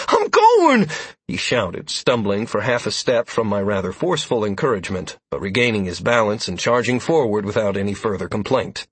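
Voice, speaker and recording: A man narrating a fantasy adventure in first person, in a steady storytelling manner. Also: medium pitch, breathy edge, no echo. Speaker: audiobook narrator.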